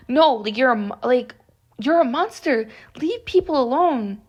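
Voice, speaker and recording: A woman's voice: high voice, moderate pace. Impassioned young woman vlogging. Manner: impassioned, upset, rambling with many restarts. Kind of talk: reaction commentary to camera.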